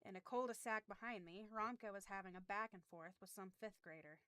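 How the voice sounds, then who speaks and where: A woman streamer reading a horror game's story aloud, breaking off now and then for quick asides. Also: mid-range voice, sharp tone, smooth, no room sound. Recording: game music behind voice.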